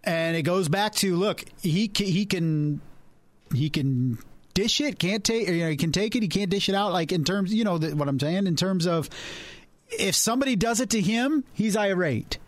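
A man's voice: high voice, lively intonation, moderate pace, no echo. Blunt, opinionated man co-hosting. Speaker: podcast co-host. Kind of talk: casual chat.

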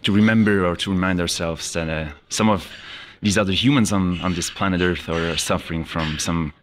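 Deep-voiced male correspondent, earnest and brisk, with a faint noise bed behind him. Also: fairly even intonation. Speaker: newspaper foreign correspondent. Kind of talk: casual studio conversation.

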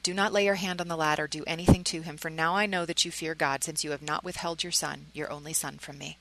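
God calling down from heaven, read by a woman, slow and solemn, low voice with a crisp bright edge. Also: steady tone, a little hiss or hum, full character voice, rough recording. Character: commanding voice of God from heaven, male.

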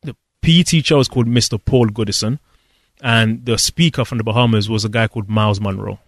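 A man tells a personal story in an interview. He speaks earnestly and reflectively, pausing and restarting as he searches for words. The sound is dry and close. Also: on the low side, no echo. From London, England. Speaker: guest.

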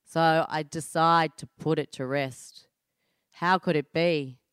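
An Australian woman in her thirties giving a heartfelt personal storytelling performance, earnest, with deliberate pauses. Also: low-pitched, fairly even intonation, clear, resonant tone, no echo, clean studio sound.

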